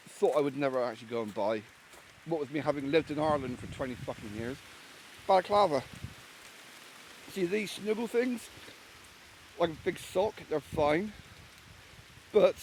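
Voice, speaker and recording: A man's voice: fairly high pitch, a little hiss or hum, rough recording. A man from England talking casually and bluntly as he rambles about his camp, swearing freely, outdoors in rainy woodland. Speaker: solo camper vlogger. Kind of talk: casual outdoor vlog talk. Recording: outdoor recording with loud rain.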